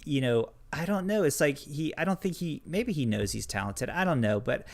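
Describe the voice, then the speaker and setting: A man's voice: a little high, animated, normal speed, creaky. A man hosting a casual podcast, thanking his guest and rambling through his thoughts. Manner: rambling, lots of fillers and restarts. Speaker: podcast host. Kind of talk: casual chat.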